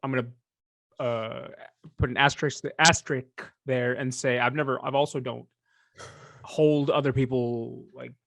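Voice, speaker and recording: A man's voice: medium pitch, steady tone, normal speed, creaky, a bit bright, dry recording, clean studio sound. A man co-hosting a podcast in casual chat, telling self-deprecating stories. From Punjabi background. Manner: chatty, self-deprecating storyteller. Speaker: podcast co-host.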